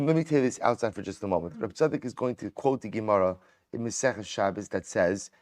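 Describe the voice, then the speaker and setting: Man, rabbi, Torah lecture, animated, repeats himself, middle pitch, dry close sound. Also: no room sound. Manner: animated, repeats words, mixes Hebrew and English. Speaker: rabbi teaching Talmud.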